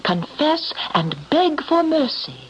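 An actress playing a commanding, taunting thief-queen spirit in an old radio drama, speaking slowly and hypnotically with whispered asides. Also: high-pitched, big pitch swings, a little hiss or hum, exaggerated voice. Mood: menacing. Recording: dull lo-fi old radio recording.

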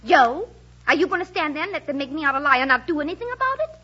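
Shrill Brooklyn wife, bright and animated, indignant; 1940s radio, dull old recording. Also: female voice, very fast.

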